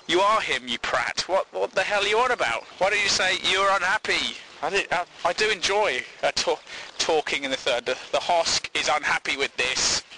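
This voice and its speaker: A man's voice: fairly high pitch, noisy background. A man hosting a podcast, rambling through a crude comic monologue and laughing at his own jokes. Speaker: podcast host.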